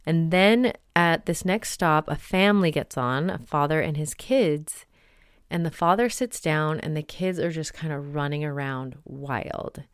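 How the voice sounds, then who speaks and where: Low-voiced chatty woman telling stories. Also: measured pace, smooth, dry recording, studio quality. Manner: chatty, storytelling with many fillers. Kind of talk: casual reflective monologue with read-aloud story.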